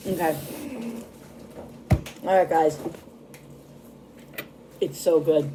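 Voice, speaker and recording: A woman's voice: on the low side, normal speed, background noise. A woman in her fifties hosting a casual home cooking vlog from her kitchen, chatty and bubbly, laughing often. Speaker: cooking channel host.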